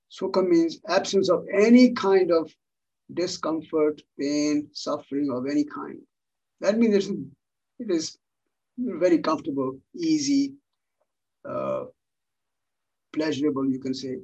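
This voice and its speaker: A man's voice: fairly high pitch, a little mellow, slightly rough, recorded from a distance, poor audio. A man teaching yoga philosophy in an online class, patient and repeating words for emphasis, heard over a video call.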